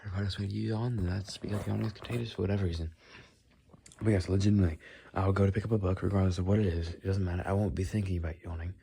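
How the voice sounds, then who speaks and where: A tired young man rambling softly and unscripted into his phone in his bedroom late at night, with a soothing, unhurried voice. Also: sits low, steady tone, creaky, a little hiss or hum. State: tired, sleepy. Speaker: vlogger.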